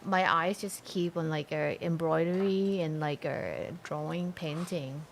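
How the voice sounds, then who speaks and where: A young Thai woman co-hosting a casual livestream, speaking soft, halting English with a Thai accent and many pauses. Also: deep voice, steady tone, vocal fry, a little hiss or hum. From Thailand. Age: young adult. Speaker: livestream co-host.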